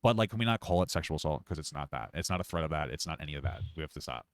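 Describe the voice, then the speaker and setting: A man's voice: extremely low pitch, expressive, rapid-fire, no room sound. A man hosting a casual reaction podcast, arguing his point bluntly and swearing.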